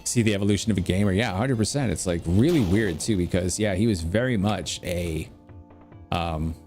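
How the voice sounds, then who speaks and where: Man, middle-aged, lower voice, casual gameplay commentary, rambling storyteller. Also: brisk, darkish tone. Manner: rambling storyteller, lots of fillers. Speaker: gameplay streamer. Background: faint background music.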